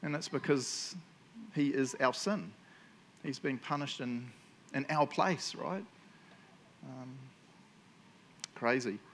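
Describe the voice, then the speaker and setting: A man preaching a sermon in an earnest, conversational way, with fillers and restarts, who slows down to read quotes with weight. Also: mid-range voice, fairly bright tone, a little hiss or hum. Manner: reads quotes slowly and with weight.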